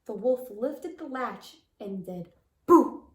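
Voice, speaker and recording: Slow expressive woman reading a storybook. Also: on the high side, distant mic. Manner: expressive, gasping and wondering aloud. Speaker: preschool teacher. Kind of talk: storybook read-aloud for children. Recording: roomy echo.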